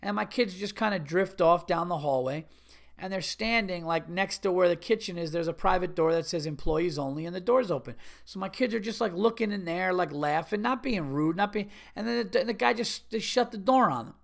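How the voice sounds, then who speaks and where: A man's voice: high voice, brisk, creaky. A man hosting a podcast, telling a story as a profane, exasperated rant and acting out both sides of a conversation. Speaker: podcast host.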